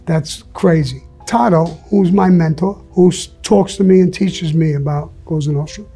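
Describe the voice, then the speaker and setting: A man's voice: on the high side, moderate pace, mellow, breathy edge, faint music behind. A man who talks bluntly and profanely as an interview guest, telling stories. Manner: profane, blunt storyteller who acts out quotes. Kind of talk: storytelling in casual interview.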